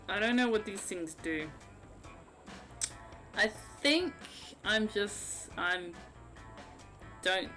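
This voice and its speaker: A young adult woman streaming a game, giving casual commentary, exasperated and swearing with loud outbursts. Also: medium pitch.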